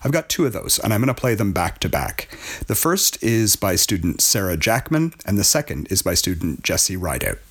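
A man hosting a show, introducing recorded stories in a plain, measured way. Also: fairly low pitch, very animated, fairly bright tone, breathy edge. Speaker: radio show host.

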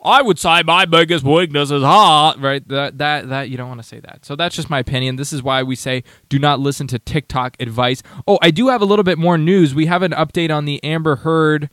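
A man's voice: on the high side, a little fast, hardly any pauses, no room sound. A man hosting a casual talk show, sarcastic and rambling, with many restarts. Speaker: podcast host. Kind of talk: casual commentary.

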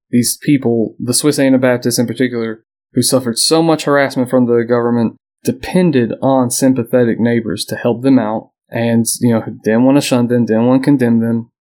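Medium in pitch and normal in speed, a male podcast co-host casually walks through history. His storytelling stays relaxed, peppered with fillers and small laughs.

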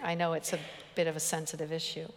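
A woman's voice: sits low, monotone, fast talker, vocal fry, big-room sound, background noise. A woman preacher giving an emphatic sermon, building it with repeated phrases and humorous stories. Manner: emphatic, repetitive, storytelling with humor.

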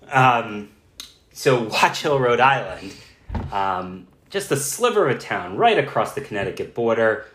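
A man's voice: medium pitch, big pitch swings, a little slow, fairly bright tone. A man co-hosting a travel podcast in casual chat, self-deprecating and laughing often. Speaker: podcast co-host. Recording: roomy echo.

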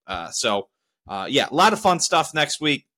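A man's voice: on the high side, very animated, normal speed, bright, forceful tone. A young man hosting his own solo podcast, talking casually in a rambling, profane, heated way. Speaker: podcast host.

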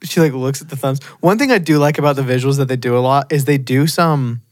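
A podcast co-host in a casual movie review chat, excitedly acting out lines from the film and laughing often. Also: medium pitch, quick pace, no echo, clean studio sound. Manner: animated, acts out movie quotes, laughs often.

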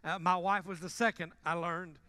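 A man preaching a sermon in a church, joking casually with the congregation and swinging between loud bursts and quiet asides. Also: sits high, fairly even intonation, moderate pace. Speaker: pastor. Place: church sanctuary.

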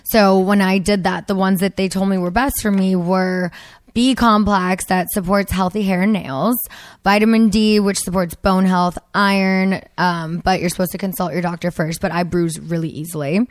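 A woman in her thirties hosts a casual podcast, telling stories animatedly with plenty of fillers. Her voice sits at a middle pitch. The sound is dry, with no room around it. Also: normal speed, dry recording. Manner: animated storytelling, lots of fillers. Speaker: podcast host. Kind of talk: casual chat with ad read.

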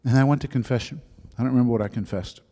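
A middle-aged man preaches a personal testimony from the front of a church. His middle-pitched voice rings with a long reverb off the hall walls. He moves between animated storytelling and hushed, whispered confession. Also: very fast. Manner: storytelling, drops to soft whispers at emotional moments. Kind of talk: sermon testimony.

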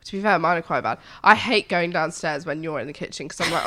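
Blunt young English woman, low voice. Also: fast talker, fairly bright tone. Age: young adult. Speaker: podcast co-host. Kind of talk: casual chat.

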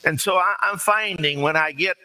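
A man's voice: sits high, normal speed, sharp tone, poor audio. A man preaching an earnest, conversational sermon with folksy asides.

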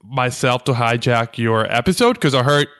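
A chatty, playful man joins a podcast as a guest, talking in quick bursts. His voice is smooth and clear, at a middle pitch for a man. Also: animated, a bit bright. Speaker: podcast guest, fellow host. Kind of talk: casual podcast chat. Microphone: remote call recording.

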